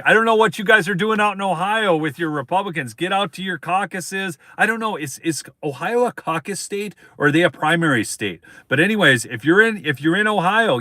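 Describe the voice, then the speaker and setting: A man's voice: on the high side, pushed and bright, no echo. A man hosting a live-stream political commentary show, talking emphatically to viewers, repeating his points and calling them folks.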